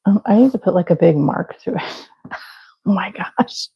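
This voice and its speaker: Young woman, live craft-stream host; husky, low-lit mellow voice, casual and self-deprecating. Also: expressive, moderate pace, poor audio. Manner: chatty, self-deprecating, talks to viewers while working. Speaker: livestream crochet host.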